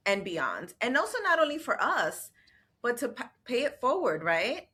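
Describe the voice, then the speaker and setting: A woman's voice: on the high side, sing-song, normal speed, sharp tone, breathy edge. A woman hosting a podcast interview, affirming her guest and tagging her points with "right?". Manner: affirming, often adds "right?" and "amen". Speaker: podcast host.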